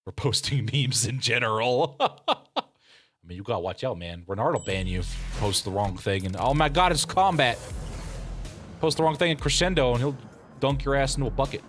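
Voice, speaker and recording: Man streaming a game, lively swooping voice, laughs a lot, exclaims, faint music underneath. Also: mid-range voice. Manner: playful, quick to laugh, exclaiming. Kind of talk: live game commentary.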